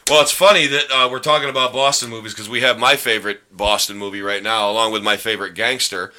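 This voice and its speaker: A man's voice: fairly low pitch, fairly even intonation, quick pace, sharp tone. A man hosting a casual podcast chat, rambling and joking, often stumbling over his words. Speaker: podcast host.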